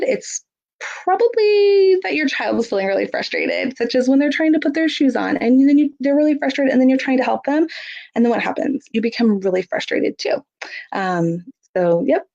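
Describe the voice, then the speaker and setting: A woman's voice: medium pitch, a little mellow. A woman giving a casual parenting lesson, chatty and full of fillers, acting out feelings with a bigger voice. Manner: chatty, many fillers, acts out emotions in bigger voice. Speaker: parenting educator. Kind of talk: casual instructional talk. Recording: dull lo-fi audio.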